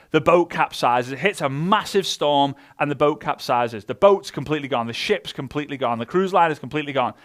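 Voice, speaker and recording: A man with a fairly high voice gives a motivational talk to network marketers. He speaks with lots of energy and switches into little voices for the people he quotes. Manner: animated, acts out quoted voices.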